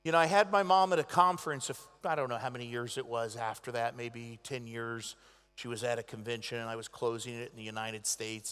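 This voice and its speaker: Dramatic male speaker in an echoey hall. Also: medium pitch. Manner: dramatic storyteller, swings from loud to hushed. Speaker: motivational speaker. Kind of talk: motivational convention speech. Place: large convention hall.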